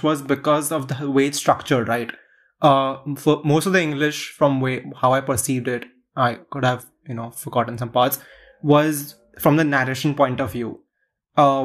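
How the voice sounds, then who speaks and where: A man co-hosting a podcast, reasoning in a halting, thoughtful way with sarcastic jokes. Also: medium pitch. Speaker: podcast co-host, film critic. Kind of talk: casual film review chat.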